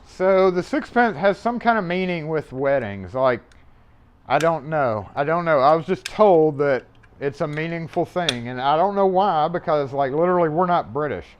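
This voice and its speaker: Chatty man, rather high voice. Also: lively intonation, moderate pace, smooth. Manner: rambling, offhand, swears and chuckles while working. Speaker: locksmith livestream host. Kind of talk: casual live-stream chat. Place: locksmith shop. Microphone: mobile mic.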